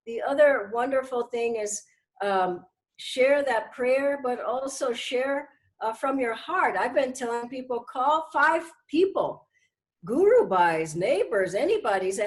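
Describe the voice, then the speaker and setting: A middle-aged woman giving a gentle, earnest spiritual talk to her followers, slowing down to stress key words. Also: on the high side, expressive, rough recording. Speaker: spiritual teacher.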